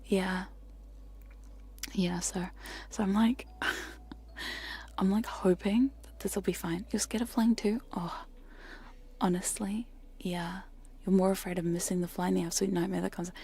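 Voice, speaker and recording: A woman's voice: medium pitch, fairly even intonation, a little slow, creaky, pauses often, breathy edge. Whispering woman chatting on an ASMR stream. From United Kingdom. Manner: whispers, drifting into soft spoken chat, chatty and giggly. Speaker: ASMR livestream host. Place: home streaming setup. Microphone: close condenser mic.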